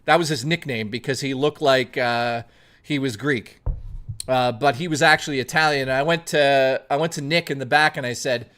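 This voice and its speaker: A man streaming from home, telling a long anecdote to his chat in a casual, profane, lively way. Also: medium pitch, normal speed.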